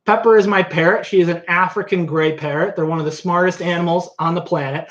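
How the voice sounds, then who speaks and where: Young male animal educator, high voice, casual and chatty, echoey home room, slightly muffled. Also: fairly even intonation, fast talker, hardly any pauses, fairly bright tone. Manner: chatty, coos at his pets. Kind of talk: live-streamed animal show.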